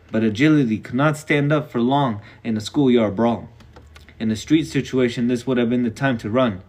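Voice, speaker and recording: A man's voice: medium pitch, darkish tone. A man reading a novel aloud live, casual and reactive, sometimes swearing between passages. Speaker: reader.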